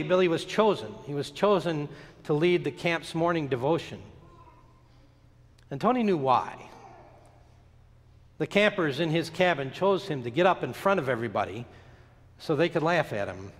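Male pastor, slightly high voice, very animated storytelling sermon, long hall reverb. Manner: expressive, dramatic storytelling with slow emphatic pauses.

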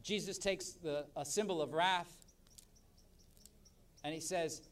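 Pastor guy preaching, fairly high voice, goes loud then quiet, mic kinda far off. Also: slow. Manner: emphatic preaching, swells loud then drops soft. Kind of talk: sermon. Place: church service.

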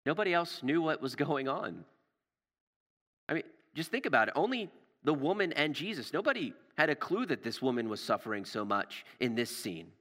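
A man preaching a sermon with passion, repeating words and dropping to a hush for emphasis, recorded in a church. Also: a little high, big pitch swings, normal speed. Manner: impassioned, repeats words, drops to hushed emphasis. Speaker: pastor. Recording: long reverb of a large hall.

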